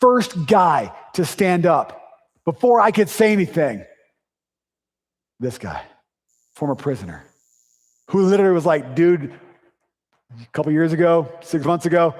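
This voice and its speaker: A man preaching a sermon in a church, in a conversational, punchy style with quick asides and sarcasm. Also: fairly high pitch, very animated, darkish tone, long reverb tail. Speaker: pastor. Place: church sanctuary.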